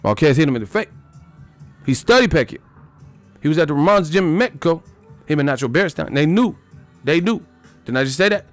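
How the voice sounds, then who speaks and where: A man doing an impression of a cocky ex-boxer commentator, loudly insisting he was right. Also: on the high side, expressive, fairly quick, pauses often, faint music behind, voice pushed up, natural voice. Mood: insistent. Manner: loud, insistent, I-told-you-so lecturing.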